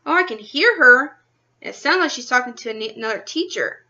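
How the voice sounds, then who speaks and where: A woman's voice: high voice, expressive, moderate pace, bright, forceful tone, dull audio. A woman reading a children's book aloud in the first person, expressively, into a webcam microphone. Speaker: reader. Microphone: built-in computer webcam mic.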